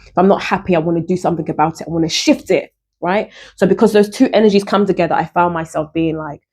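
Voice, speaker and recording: A woman's voice: lowish voice, a little mellow. A woman singer talking through her experiences in a casual, reflective monologue, earnest and searching, often repeating and restarting her phrases. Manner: earnest, spiritual self-talk. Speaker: singer and vlogger.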